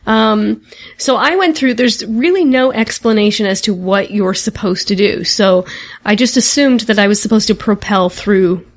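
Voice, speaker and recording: A woman's voice: medium pitch, normal speed. A woman co-hosting a casual video game podcast, chatting loosely and breaking into giggles between phrases. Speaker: podcast co-host.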